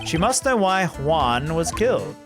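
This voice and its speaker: A probing young male defense lawyer, read out by a man. The voice sits fairly high and swings up and down a lot, with game music clear in the background. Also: very animated, unhurried. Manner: reading game text aloud.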